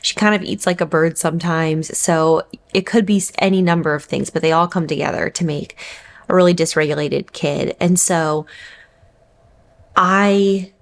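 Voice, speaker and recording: A woman's voice: on the low side, steady tone, normal speed. A woman in her thirties, a mother vlogging, telling a personal story in a candid, reflective, conversational way.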